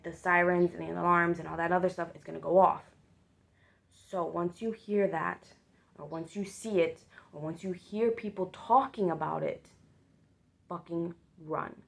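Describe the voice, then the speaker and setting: A woman's voice: on the low side, vocal fry. A woman casually retelling a vivid dream as a storytime, swearing freely and using lots of fillers.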